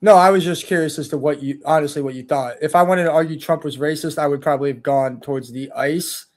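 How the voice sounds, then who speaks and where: A man's voice: fairly high pitch, fast, a little mellow. A man in a casual debate, speaking bluntly and swearing.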